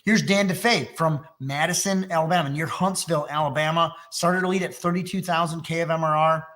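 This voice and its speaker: Upbeat Texan sales trainer. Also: male voice, on the high side, steady tone, a bit bright. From Texas. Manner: fast, enthusiastic salesy delivery. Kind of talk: live sales webinar pitch.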